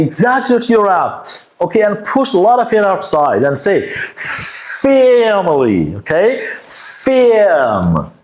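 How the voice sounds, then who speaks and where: A man teaching English pronunciation, modeling words slowly and exaggerating the sounds for learners to repeat. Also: sits high. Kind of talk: pronunciation lesson with drills. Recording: echoey room.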